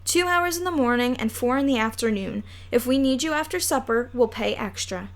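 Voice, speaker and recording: A woman voicing a calm, practical mother who talks matter-of-factly. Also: a little high, a little fast.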